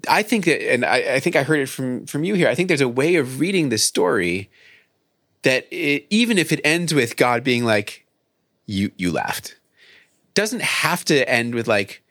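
A man, a Bible professor in a relaxed discussion, thinking aloud and acting out quoted lines in shifting voices. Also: medium pitch, normal speed, no echo, clean studio sound. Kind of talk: conversational discussion.

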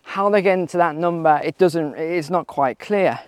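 A man's voice: fairly high pitch, normal speed, no room sound. Man with a raised, dry-sounding voice. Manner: conversational, rhetorical questions, frequent fillers. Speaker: vlogger. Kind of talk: casual commentary while walking outdoors. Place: outdoors on a mountain trail.

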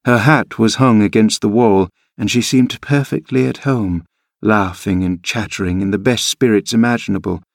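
A man narrating an audiobook in a measured storytelling manner. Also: lowish voice, vocal fry, no echo, clean studio sound. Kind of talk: audiobook reading.

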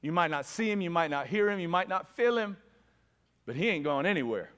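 A male pastor preaching a sermon with fervor, his voice swinging from hushed lows to loud, ringing peaks. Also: expressive, brisk, clear, resonant tone. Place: church sanctuary. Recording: long reverb of a large hall.

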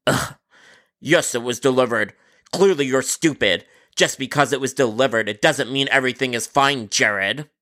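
A man voicing a pompous, indignant pizza customer who drags out his complaints slowly. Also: medium pitch, sharp tone, natural voice. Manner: slow, indignant, drawn-out.

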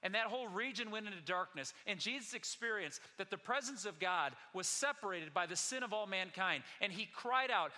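A man preaching a sermon as pastor, with dramatic delivery that builds to shouted scripture quotes. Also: high-pitched, lively intonation, brisk, hardly any pauses. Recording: long reverb of a large hall.

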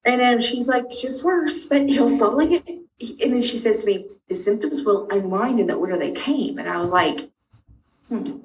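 A middle-aged woman telling a personal story about her child's illness, acting out each exchange with big jumps in pitch. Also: moderate pace. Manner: animated, acts out dialogue with big pitch jumps. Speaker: parent of a sick child. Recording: roomy sound from a distant mic.

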